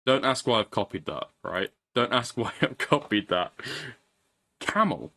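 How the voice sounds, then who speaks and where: A man's voice: fairly low pitch, normal speed, pushed and bright. A man casually commenting on a live stream, swearing and rambling as he repeats himself.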